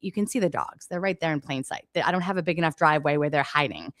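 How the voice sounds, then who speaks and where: A woman's voice: deep voice, quick pace, fairly bright tone, dry recording, clean studio sound. A middle-aged woman, a daycare owner, telling her story on a radio interview in an emphatic, exasperated way, acting out the exchanges.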